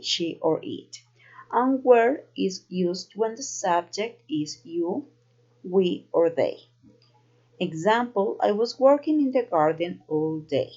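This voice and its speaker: A woman with a Colombian Spanish accent, a native Spanish speaker, teaching an English grammar lesson slowly and carefully. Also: mid-range voice, a little mellow. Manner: slow, careful explaining. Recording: dull lo-fi recording.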